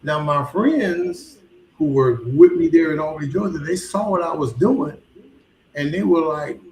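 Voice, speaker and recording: A man's voice: fairly high pitch, unhurried, a little mellow. A man telling his life story as a guest, animatedly acting out both sides of conversations. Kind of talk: casual spoken storytelling. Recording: roomy echo with faint background hum.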